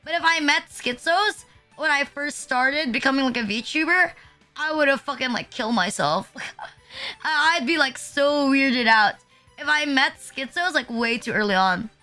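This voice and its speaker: A woman's voice: sits high, lively intonation, a little slow, sharp tone, soft background music. A young woman VTuber chatting casually on a live stream, rambling and blunt, with lots of filler words and swearing.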